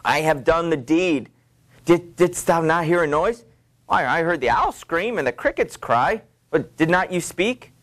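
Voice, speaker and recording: A man reading a shaken guilt-ridden nobleman, halting, slightly higher voice, classroom read-aloud. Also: expressive, a bit bright.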